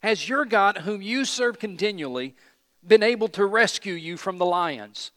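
A man's voice: sits high, expressive, moderate pace, sharp tone, long reverb tail, pitched above the performer's own voice. A man reading aloud as an anguished ancient king calling out in a pleading voice.

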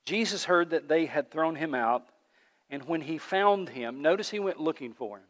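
A man's voice: fairly high pitch, lively intonation, normal speed, a bit bright. Man preaching in a reverberant church. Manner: emphatic, repetitive preaching cadence with rising builds. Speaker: pastor. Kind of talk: sermon. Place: church sanctuary, livestreamed. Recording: long hall reverb.

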